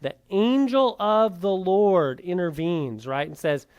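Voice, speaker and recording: A Bible class teacher speaks at an ordinary middle pitch in a loose, conversational way. The talk is full of fillers and quick tag questions. Rhetorical questions go to the class and get answered straight away. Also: a little mellow, smooth, lo-fi sound. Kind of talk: informal classroom lecture.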